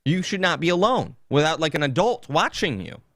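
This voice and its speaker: Guy ranting on his podcast, big swooping pitch, laughs a lot, dry close mic. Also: a little fast, no room sound. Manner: animated, mocking, laughs often, jumps between topics. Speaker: podcast host. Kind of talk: casual comedic rant.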